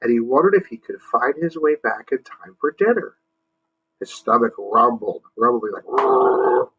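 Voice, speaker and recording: A man's voice: medium pitch, big pitch swings, normal speed, husky, highs cut off. A male teacher reading a picture book aloud to children. He stops to explain words and asks the kids to join in.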